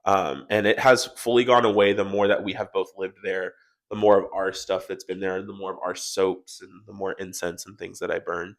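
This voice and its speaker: A man's voice: deep voice, flat delivery, moderate pace. A young man co-hosting a casual podcast, rambling through work stories and acting out what people said. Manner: rambling storyteller, acts out quotes. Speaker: podcast co-host. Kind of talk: casual chat.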